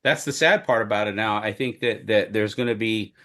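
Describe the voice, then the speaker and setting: A man co-hosting an easygoing podcast describes covering a trial as press, speaking a little quickly. His storytelling is animated, and his voice swells to a booming volume when he gets excited.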